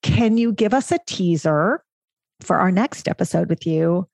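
Emphatic woman podcast host, low and dry. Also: lively intonation, a little slow, vocal fry, no echo. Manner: warm, emphatic, enthusiastic questioner. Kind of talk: podcast interview.

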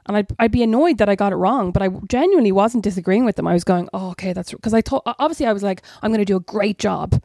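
Woman, thirties, podcast co-host, quick talker, self-mocking, casual chat. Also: mid-range voice, expressive, mellow, dry recording, clean studio sound. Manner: candid, self-mocking, swears freely.

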